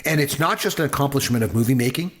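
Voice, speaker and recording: Talking fast in a mid-range, slightly bright voice, a man co-hosting a podcast reviews a movie with eager, lively intonation. His casual chat wanders and leans heavily on fillers.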